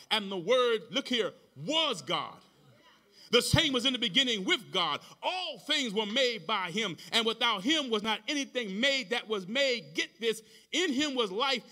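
A man pastor preaching a sermon in a rhythmic style, repeating phrases, slowing down for emphasis and calling out to the congregation. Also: very high voice, pushed and bright. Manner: preaching with call-and-response to the congregation.

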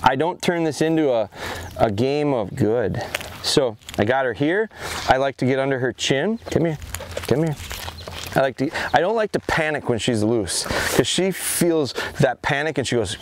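A middle-aged man, a dog trainer, talking through an outdoor training session in a calm, plain-spoken way, recorded outside on a camera mic. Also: mid-range voice, normal speed, a little hiss or hum. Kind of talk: casual instructional vlog. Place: outdoors in a yard.

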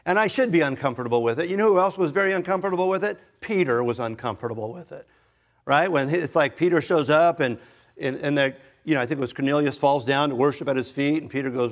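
A man in his fifties or older, a pastor giving an expository sermon in a conversational way, with self-deprecating asides and wide swings in pitch and loudness for emphasis. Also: fast. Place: church sanctuary.

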